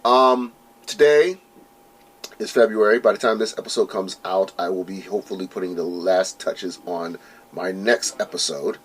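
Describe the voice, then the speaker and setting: Male podcast host, 30s, low-ish voice, slightly hoarse, loose rambling solo intro. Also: moderate pace. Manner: rambling, many fillers and restarts. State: losing his voice.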